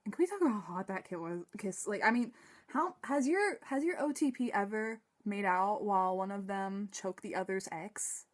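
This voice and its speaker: A woman's voice: medium pitch, moderate pace. Gushing young woman reviewing a show. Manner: excitable, rambling, sighs and laughs often, swears casually. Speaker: TV fan reviewer. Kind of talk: casual gushing episode review.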